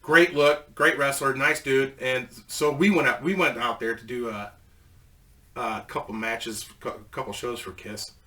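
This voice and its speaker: A man's voice: medium pitch, steady tone, unhurried, bright, forceful tone, recorded from a distance. A man telling a rambling, profane wrestling story in a casual way, laughing as he goes. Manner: rambling, swears a lot, laughs at own story.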